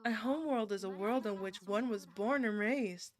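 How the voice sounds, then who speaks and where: A woman voicing a calm, gentle mother in a game, speaking in a measured, formal way. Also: mid-range voice, faint music behind, natural voice.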